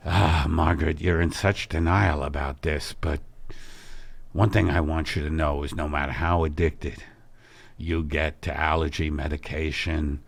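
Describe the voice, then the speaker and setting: A man's voice: little pitch movement, a little slow, creaky, no room sound, exaggerated voice. A man voicing a pompous older husband who lectures his wife, in an improvised comedy sketch. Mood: solemn. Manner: low, droning, lecturing.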